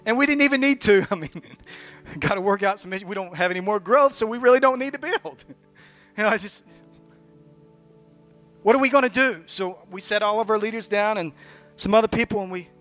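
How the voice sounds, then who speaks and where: A man with a strikingly high, bright voice delivers a sermon as a visiting pastor, talking forcefully and often restarting his phrases. Faint music plays softly behind him. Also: moderate pace, pauses often. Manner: emphatic, building to fervent exhortation with repeated restarts.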